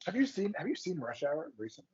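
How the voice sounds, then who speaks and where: A man's voice: a little high, sing-song, quick pace, darkish tone, slightly rough, no room sound. A man who is a guest actor on a podcast, chatting casually and animatedly acting out quotes in his stories. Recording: slightly muffled dry podcast audio.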